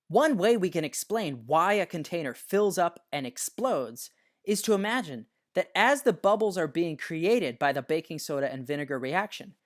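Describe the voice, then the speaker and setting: Lively, patient science lesson narrator. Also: mid-range voice. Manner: patient, explanatory, slows down to stress key words. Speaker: science teacher.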